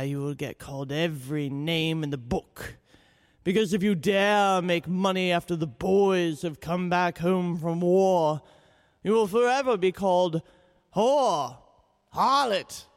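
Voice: mid-range voice, big-room sound. A performer playing a worldly, defiant 1930s showwoman in a theatrical stage monologue, with a put-on British accent and a wry, comic manner.

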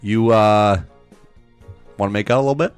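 A man co-hosting an improvised comedy bit with goofy, deadpan silliness. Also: on the low side, moderate pace, clear, resonant tone, soft background music. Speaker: comedy show co-host.

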